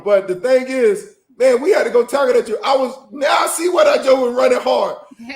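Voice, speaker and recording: Excitable high-voiced man from South Florida. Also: reverberant, slight background noise. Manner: animated, exclaiming, joking. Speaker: co-host. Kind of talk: casual sports talk.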